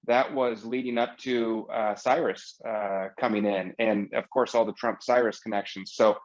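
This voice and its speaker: A man's voice: lowish voice, fairly even intonation, normal speed, lo-fi sound. A man hosting an interview, affirming his guest in casual conversation. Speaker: interview host.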